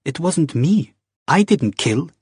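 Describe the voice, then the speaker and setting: A man reading aloud, voicing a haughty, defiant young woman with sharp, clipped retorts. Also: fairly low pitch, normal speed, breathy edge, no room sound, clean studio sound.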